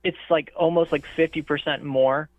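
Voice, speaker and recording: A man's voice: a little high, fairly even intonation, moderate pace, no room sound. Man from St. Louis on a tinny line. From St. Louis, USA. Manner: rambling, filler-heavy, many "like"s. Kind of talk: casual chat. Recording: tinny phone-like call audio.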